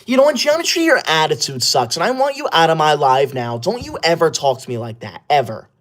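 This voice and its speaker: An actor playing a bossy, easily offended young male livestreamer who scolds his viewers while keeping his voice hushed, streaming from an upstairs room away from home. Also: on the high side, very animated, fairly quick. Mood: indignant. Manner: indignant, scolding, keeps voice hushed. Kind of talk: comedy skit of a live stream.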